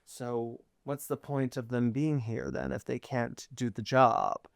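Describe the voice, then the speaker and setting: A man doing a bratty young lord with vocal fry. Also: medium pitch, flat delivery, a little slow, dry recording, studio quality.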